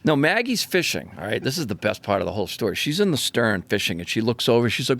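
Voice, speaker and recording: A man, a fishing charter captain, telling a story in a casual, animated way, acting out the voices as he goes. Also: mid-range voice, fast talker, creaky, hardly any pauses, no room sound. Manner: animated, acts out voices, swears freely.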